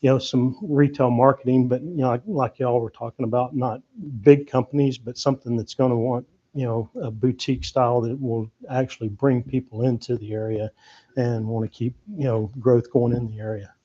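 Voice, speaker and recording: Mellow, flat-voiced man. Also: medium pitch. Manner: halting, many fillers. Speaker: committee applicant at a city council meeting. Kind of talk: public remarks. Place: city council chamber. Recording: muffled meeting recording.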